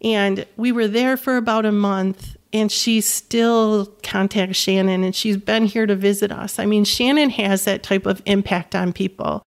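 A woman's voice: mid-range voice, fairly even intonation, unhurried, hardly any pauses. Earnest, emphatic woman in her fifties. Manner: earnest and emphatic, repeats words for stress. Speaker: guest, caregiving mother. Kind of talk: personal storytelling in conversation.

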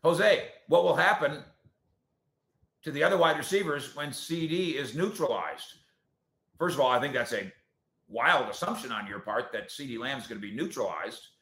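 A man hosting a sports talk show, answering viewer comments in an animated, sarcastic way that swings between loud points and quiet asides. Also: medium pitch, moderate pace, creaky. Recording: roomy echo.

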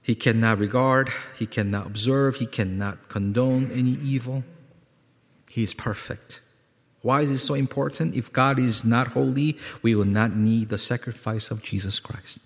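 A male pastor preaching a sermon, emphatic and repetitive, swinging from loud peaks to quiet lows and calling on the congregation to respond. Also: fairly even intonation, normal speed. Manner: repeats words for emphasis, asks congregation to respond. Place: church sanctuary. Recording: long hall reverb.

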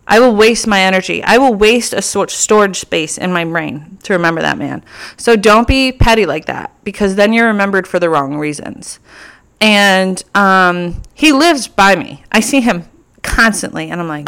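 A woman's voice: medium pitch, sing-song, normal speed, fairly bright tone. A young woman hosting her own podcast, chatting casually and playfully petty, with lots of filler words. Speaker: podcast host. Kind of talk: casual solo podcast chat.

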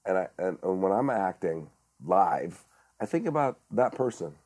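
A man's voice: low-pitched, sing-song, moderate pace, darkish tone. A man, a director and actor, talking earnestly in a casual podcast chat, with frequent restarts and fillers. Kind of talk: casual conversation.

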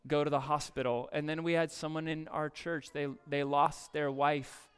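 A man's voice: a little high, level tone, moderate pace, clear, resonant tone. A man preaching a sermon as a pastor, reading scripture emphatically and asking the congregation questions.

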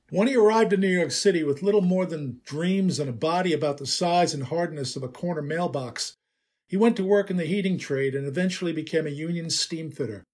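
An older man, a writer, narrating a personal story in a wry, unhurried way. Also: on the high side, a little mellow.

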